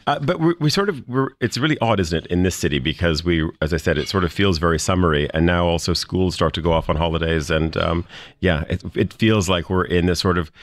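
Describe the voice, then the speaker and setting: A man hosting a live radio talk show from a studio, talking in halting phrases full of "uh" fillers. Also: low voice.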